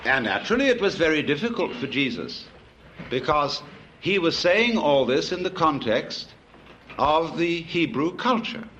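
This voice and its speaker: Male lecturer, wry storyteller, very lively pitch, faint hiss. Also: normal speed, dull audio. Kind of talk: public philosophy lecture. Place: lecture hall with live audience.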